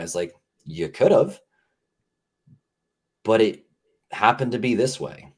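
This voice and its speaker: A man's voice: lowish voice, very animated, unhurried, long pauses, husky. A man speaking as a podcast guest in an earnest, rambling way, often saying "like" as he thinks aloud. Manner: earnest, rambling, heavy use of "like". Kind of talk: reflective conversational talk.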